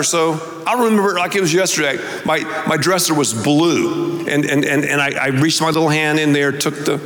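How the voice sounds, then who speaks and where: A man pastor preaching a sermon to a large congregation, telling a story with deliberate emphasis. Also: a little high, fairly bright tone. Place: large church auditorium. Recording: echoey large hall.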